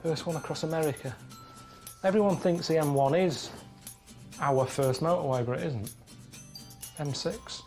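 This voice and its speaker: A man's voice: on the high side, normal speed, pauses often, darkish tone, faint music behind. An English man on a travel show, talking in a dry, grumbling, unimpressed way.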